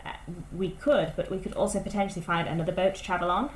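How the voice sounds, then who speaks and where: A British woman with a fairly low voice talks quickly while playing a tabletop role-play game, cautiously laying out plans step by step. The audio is poor, with an echoey room and a bit of hiss or hum.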